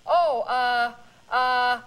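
A woman's voice: on the high side, noisy background. A woman playing a TV word game, giving clues and joking playfully. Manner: playful, wisecracking, deliberate. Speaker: celebrity game partner. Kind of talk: game show banter and clue-giving.

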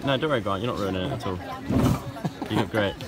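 A man's voice: fairly low pitch, quick pace, a loud crowd. A young man from England hosting a casual travel vlog, cheeky and teasing as he chats. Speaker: vlogger.

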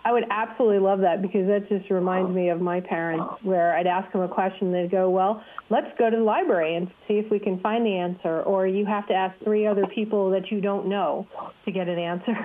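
A woman hosting a podcast, eager and quick to laugh. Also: medium pitch, steady tone. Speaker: podcast host. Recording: tinny phone-line audio with faint hiss.

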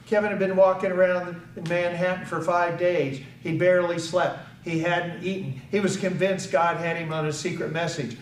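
A man's voice: high voice, fairly even intonation, moderate pace, hardly any pauses, a little hiss or hum. An older American man giving an earnest public speech, telling a personal story and acting out the voices of the people in it. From United States. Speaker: speaker. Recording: echoey hall from far off, faint ambience.

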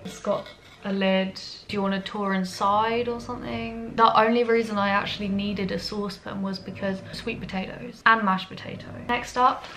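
A woman's voice: medium pitch, fairly even intonation, normal speed, a bit bright, a little hiss or hum, rough recording. A young British woman from England telling stories to camera in a casual vlog, chatty and self-deprecating, recorded in her apartment on a compact camera mic. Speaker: vlogger.

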